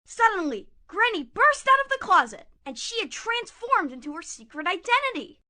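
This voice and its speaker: A woman narrating a puppet show fairy tale in a playful, expressive way. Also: very high-pitched, normal speed.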